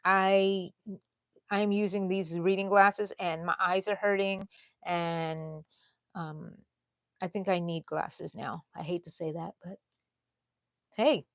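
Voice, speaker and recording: A woman of sixty with a Texan accent, hosting a live crochet stream in a casual, chatty way and dropping to low mutters and whispers as she counts stitches. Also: steady tone, takes it slowly, long pauses, dry recording. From Texas. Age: 60s.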